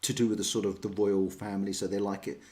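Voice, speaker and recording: This English man talks fast in a lowish, slightly mellow voice with little pitch movement. He's streaming chess and rambling chattily as he responds to viewer questions, often poking fun at himself.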